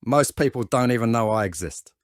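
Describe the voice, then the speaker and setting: A proud, self-pitying sniper rifle, played by a man speaks in a measured, haughty tone. The voice is dry and close to the mic. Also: medium pitch, lively intonation, no room sound, lightly acted.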